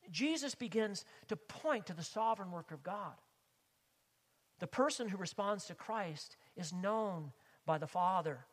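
A man preaching a sermon as pastor, with impassioned emphasis that swings between loud declarations and hushed, near-whispered lines. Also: sits high, long reverb tail.

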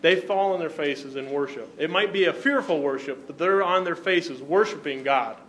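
Higher-voiced man teaching a Bible class. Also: normal speed, a bit bright, slight background noise. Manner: keeps checking in with "right?" and questions to the class.

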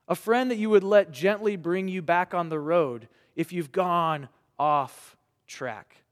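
A man preaching a sermon to young people, earnest and rhetorical, with dramatic pauses. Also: high voice. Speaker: pastor. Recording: reverberant hall.

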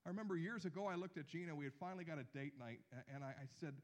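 A man in his thirties preaching a sermon, animated, with slow emphatic phrases and drops to near a hush. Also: fairly high pitch. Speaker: pastor.

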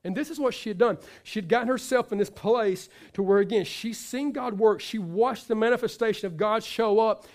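A man's voice: high voice, brisk, few pauses, a little mellow. A pastor preaching to his congregation, emphatic, repeating himself and restarting phrases as he builds a point. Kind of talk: sermon.

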